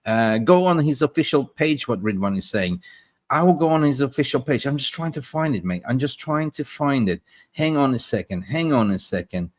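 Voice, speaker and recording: A man hosts a live football stream. He rambles, repeats himself and chats straight to his viewers while hunting for posts on screen. His voice sits at an ordinary middle pitch for a man. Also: expressive, normal speed. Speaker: football livestream host.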